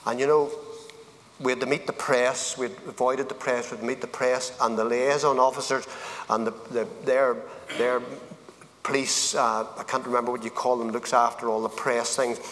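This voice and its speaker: A man's voice: medium pitch, flat delivery, normal speed, a bit bright, a little hiss or hum. Northern Irish man preaching in a reverberant hall. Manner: earnest, plain-spoken, building to fervent appeals. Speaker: speaker giving a personal testimony. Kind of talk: evangelistic testimony at a men's event. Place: event hall.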